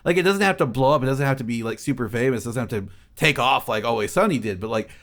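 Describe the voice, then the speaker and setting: A man's voice: medium pitch, lively intonation, quick pace, fairly bright tone. A young man chatting casually as a podcast co-host, rambling with lots of fillers and frequent laughter. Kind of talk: casual chat.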